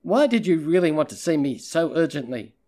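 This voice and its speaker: A man reading the lines of a sharp-tongued female private investigator in an audiobook, cutting and sarcastic. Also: on the high side, sing-song, a little fast.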